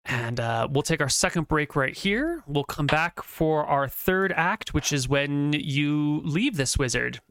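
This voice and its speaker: A man's voice: a little high, lively intonation, unhurried, hardly any pauses, fairly bright tone, smooth, dry recording. A man narrating a tabletop game as game master, talking loosely with fillers.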